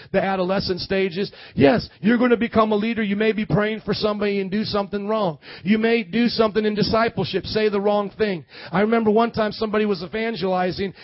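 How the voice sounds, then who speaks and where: Animated high-voiced pastor preaching. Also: male voice, fast, few pauses, no echo, highs cut off. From American Midwest. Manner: animated, calls for congregation responses. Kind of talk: sermon.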